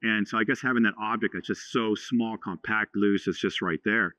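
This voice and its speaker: A man in his forties from Texas, a podcast guest telling a story in a halting way, with many restarts and fillers. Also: fairly low pitch, steady tone, bright, forceful tone, dry recording. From Houston, Texas. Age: 40s. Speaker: podcast guest, franchise owner. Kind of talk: casual storytelling. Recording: slightly dull lo-fi sound.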